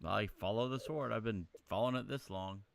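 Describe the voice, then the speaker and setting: A man's voice: fairly low pitch, brisk, gravelly, a little hiss or hum. A man playing a tabletop game, eager and joking with the table. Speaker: player. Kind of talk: casual tabletop play.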